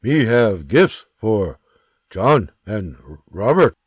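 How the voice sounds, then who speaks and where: A man voicing a steady Native American frontiersman who speaks slow, broken English. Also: lowish voice, slightly rough, dry recording, clean studio sound, heavily acted. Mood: solemn.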